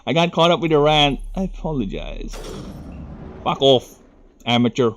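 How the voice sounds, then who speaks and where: A man's voice: fairly high pitch, slow. A young Filipino man with a Filipino accent, chatting casually and profanely while streaming a video game, often drifting into rants. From Philippines. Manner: rambling, profane, goes off on rants. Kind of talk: live gaming stream chat.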